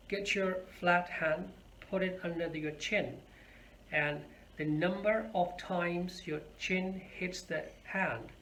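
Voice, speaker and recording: A male teacher walks learners through pronunciation tips, saying each word slowly and clearly. His voice sits a touch high. A faint background noise runs under the recording. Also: a bit bright. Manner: patient, repeats words slowly to demonstrate. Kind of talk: video lesson. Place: Calgary area, teaching students.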